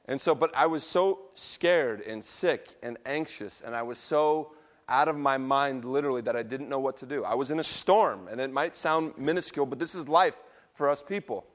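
Here a middle-aged pastor talks through his sermon at normal speed, sounding casual and conversational in a medium register. He weaves in stories from his own life, fumbles a word here and there, and laughs at his own expense.

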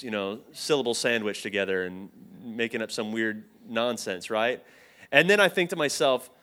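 A man delivering a sermon as a personal story, his voice sitting at an ordinary middle pitch. He tells it with animation, dropping low and quiet, then rising and getting loud. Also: expressive, a little fast. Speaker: preacher.

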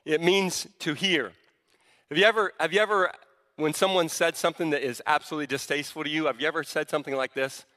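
A man with a fairly high, forceful voice preaches a sermon. He speaks with emphasis and often breaks off and restarts words. His voice rings out with the long reverb of a large hall. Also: steady tone, fast talker. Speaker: pastor.

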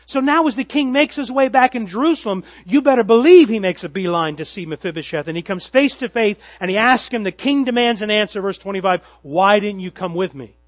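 A man preaching a sermon, telling the story dramatically and swinging from loud emphasis to hushed tones. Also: high-pitched, lively intonation, fast talker, hardly any pauses, no room sound, low-quality recording. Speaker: pastor. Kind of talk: expository sermon.

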